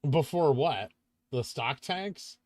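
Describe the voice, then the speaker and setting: A man's voice: medium pitch, expressive, slow pace, darkish tone, dry recording. A man with a Californian accent, chatting casually while hosting a live trading stream and answering questions from chat. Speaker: livestream host.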